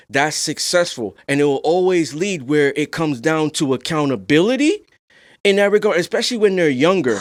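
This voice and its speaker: A young adult man hosting a podcast, talking in a casual discussion, soft-spoken and calm but rising to animated emphasis. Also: fairly high pitch, no echo, studio quality. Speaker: podcast host.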